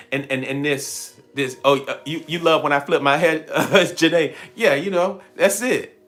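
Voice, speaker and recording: A slightly bright male voice, pitched on the high side, leads a spiritual livestream. He keeps things playful with his audience, laughing frequently and putting on voices when he quotes people.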